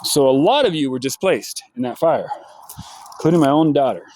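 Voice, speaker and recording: A man's voice: mid-range voice, expressive, a little fast, a little mellow, slight background noise. A man delivering a rambling, profane, sardonic monologue for his vlog, outdoors in the sunshine. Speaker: vlogger.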